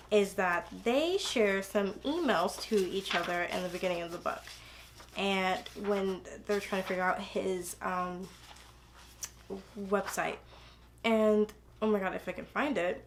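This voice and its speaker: A woman's voice: medium pitch, fairly bright tone, a little hiss or hum. A young woman chatting casually about a book she loves, gushing and rambling with lots of fillers and restarts. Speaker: book reviewer. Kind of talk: casual book review chat.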